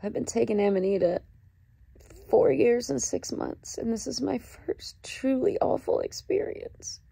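A woman recording a raw confessional diary clip, halting, upset and close to tears, swearing as she talks. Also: on the high side, vocal fry, mellow, slightly rough, no echo. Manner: halting, distressed and ashamed, with swearing. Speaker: vlogger.

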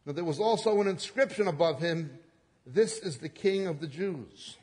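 A fairly high-voiced male preacher delivers a sermon with dramatic swings, surging loud and then falling to a hush. His voice rings out with a long reverb trail, as if in a large hall. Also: moderate pace, breathy edge. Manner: dramatic swings in pitch and loudness, acting out quotes.

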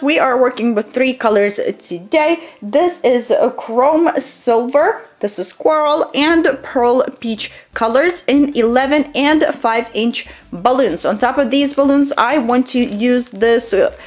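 Woman, high voice, under the weather with a slightly raspy, cracking edge; upbeat craft-tutorial host talking to camera. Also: measured pace, few pauses. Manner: upbeat, addresses viewers directly, lists supplies. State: sick, voice may crack and sound raspy. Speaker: balloon decorating tutorial host. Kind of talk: casual tutorial narration.

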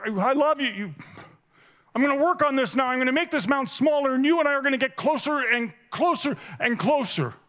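A man acting out his own younger, ashamed self, pleading in a strained, high voice. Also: expressive, a little fast, a bit bright. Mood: eager.

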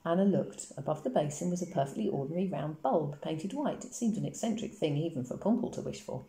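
Low, mellow woman reading a story. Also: animated, quick pace. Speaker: audiobook reader. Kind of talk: storybook narration.

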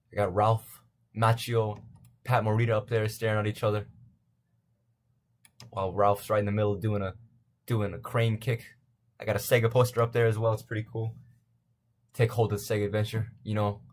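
Rambling young man with a low voice. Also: slight background noise. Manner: rambling, self-deprecating jokes. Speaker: let's play gamer. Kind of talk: casual gameplay commentary. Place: his bedroom.

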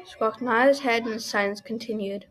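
A woman narrating children's stories aloud in an animated reading voice. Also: on the high side, normal speed, background noise. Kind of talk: storybook reading.

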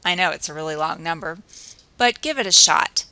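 Patient woman teacher, gravelly lowish voice. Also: no echo, low-quality recording. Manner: steady, patient explaining with slow counting drills. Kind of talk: recorded math lesson narration.

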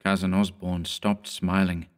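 Low-voiced man narrating a horror story. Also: little pitch movement, unhurried, smooth. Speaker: audiobook narrator.

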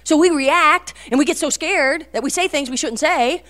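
A middle-aged woman giving a folksy, animated talk to a women's meeting, storytelling with many asides. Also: sits high, normal speed. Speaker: Christian women's speaker.

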